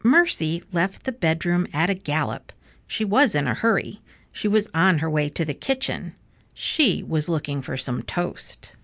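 Slow, gentle woman reading a storybook. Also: deep voice, animated, no room sound. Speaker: storybook reader. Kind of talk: reading a children's book aloud.

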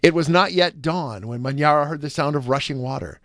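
A man reading a storybook aloud with an expressive, measured delivery. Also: on the high side, no echo, studio quality.

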